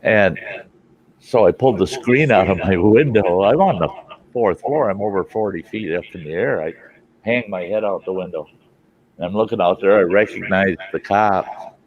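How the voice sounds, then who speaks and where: A man's voice: low-pitched, moderate pace. A middle-aged man hosting a live stream, telling a long, profane story and acting out the other people's voices. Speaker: host. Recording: dull lo-fi stream audio.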